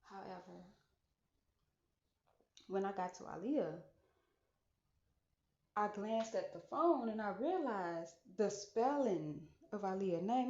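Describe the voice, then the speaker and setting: A woman's voice: mid-range voice, lively intonation, slow pace, pauses often, darkish tone. A woman hosting a casual solo podcast monologue, musing aloud and repeating phrases for emphasis. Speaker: podcast host. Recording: echoey room, dull lo-fi sound.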